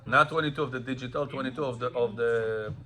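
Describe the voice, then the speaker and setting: A male rabbi teaching a class on Sabbath laws to students. He quizzes them, tells lively anecdotes, and switches between languages. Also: mid-range voice, quick pace, noisy background. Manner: animated storyteller, quizzes students, mixes in Russian and Hebrew.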